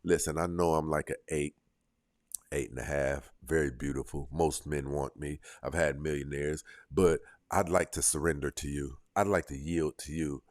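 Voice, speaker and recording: A smug, beautiful woman who talks softly and sarcastically, as a man mocks her in his own very deep voice. The tone stays hushed and teasing. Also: fairly even intonation, normal speed, no echo, clean studio sound. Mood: mocking. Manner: soft, mocking, sarcastic. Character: imagined beautiful woman offering herself.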